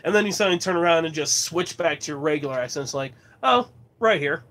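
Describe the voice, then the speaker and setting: A man's voice: a little high, rapid-fire, a bit bright. A man from Colorado chatting casually as host of his livestream, rambling and laughing often. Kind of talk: casual chat.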